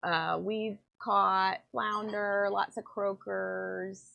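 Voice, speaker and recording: A woman chats in a loose, rambling way, full of ums and likes, as she works in her pen workshop. Her voice has a gravelly edge, sits at a middle pitch, and comes through a dull, lo-fi recording. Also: fairly even intonation, very slow. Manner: rambling, chatty, many fillers. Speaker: pen maker and channel host. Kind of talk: casual chat while working. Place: home workshop. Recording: dull lo-fi sound.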